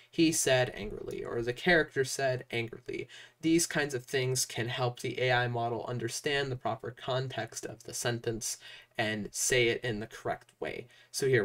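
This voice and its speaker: A young man walks viewers through a software tutorial in a loose, chatty way, leaning on fillers like "uh" and "like". His pitch sits at an ordinary middle. He sounds a little distant from the microphone. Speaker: tutorial host. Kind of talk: casual screen-recorded software tutorial.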